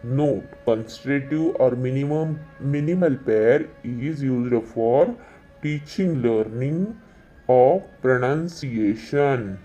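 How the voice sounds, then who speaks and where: A man giving a slow exam-revision lesson, repeating each definition several times. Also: medium pitch, dark tone, lo-fi sound, soft background music. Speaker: teacher.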